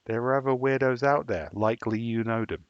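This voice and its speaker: A man's voice: medium pitch, fairly quick, no room sound. An English man co-hosting a podcast, talking casually and swearing often as he fires up his listeners. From England. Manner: profane, emphatic rallying of listeners. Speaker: podcast co-host. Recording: dull, dry lo-fi sound.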